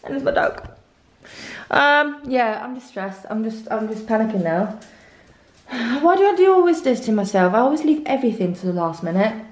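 A woman's voice: a little high, expressive, moderate pace. A woman vlogging casually to a camera in her bedroom, chatty and rambling, sometimes turning to talk to her dogs. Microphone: camera set up in the room.

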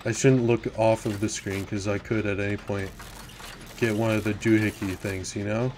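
A man's voice: on the low side, level tone, normal speed, a little mellow, a little hiss or hum. A man giving casual commentary while playing a horror game. He talks jittery and nervous, slipping from mumbled worry into sudden swearing and sometimes dropping to a whisper. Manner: drops to a whisper at times. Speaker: gaming YouTuber.

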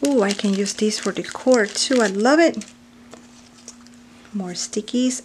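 A woman's voice: medium pitch, slow pace, husky. A woman vlogger opening a craft parcel on camera, gushing and gasping, often dropping to a whisper. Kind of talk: unboxing commentary.

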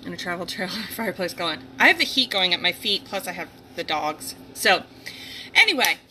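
A woman's voice: on the low side, big pitch swings, brisk, sharp tone, a little hiss or hum, low-quality recording. A middle-aged woman from the Northeast US hosting a casual livestream, rambling and greeting viewers by name. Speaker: livestream host. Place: home, near a heater and dogs.

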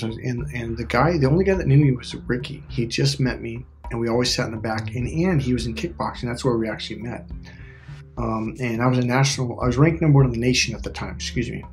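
A middle-aged man with a voice of ordinary pitch tells a personal story in a loose, rambling monologue. He starts over often, drops the odd curse word, and slips into the voices of people he quotes. Faint music plays softly underneath. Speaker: spiritual life coach.

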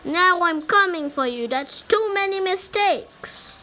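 A woman's voice: extremely high pitch, animated, slow pace, pushed and bright, faint music behind, voice pushed up, heavily acted. A woman voicing a menacing female school teacher who hunts down children and scolds them theatrically for game play.

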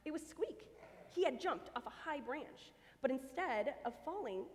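A woman reading a children's story aloud at a church service, expressive and lively. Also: high voice, measured pace. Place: church sanctuary. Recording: long church reverb.

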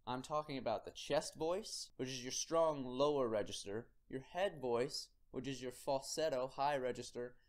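A man teaching singers a quick vocal warm-up routine, giving upbeat, direct instructions to the viewer. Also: medium pitch. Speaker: singing teacher.

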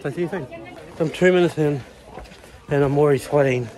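A breathless young man in his twenties talks into his handheld phone outdoors while hauling himself up endless stairs. His voice sits a little high for a man, with a faint hiss of noise behind it, and he rambles and swears between gasps. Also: moderate pace, darkish tone. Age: 20s. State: out of breath and sweating. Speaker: vlogger. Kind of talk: casual vlog chat to camera. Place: outdoors, climbing long shrine stairways.

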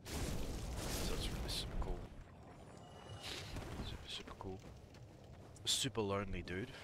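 A man's voice: low voice, unhurried, very noisy. A man streaming a game live, chatty and jokey, talking to his chat and taunting enemies. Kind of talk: live gameplay commentary.

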